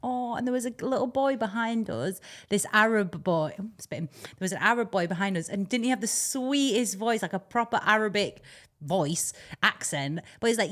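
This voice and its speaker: A woman's voice: medium pitch, lively intonation, brisk. A young woman, co-hosting a podcast in casual, rambling chat and laughing often. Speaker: podcast co-host.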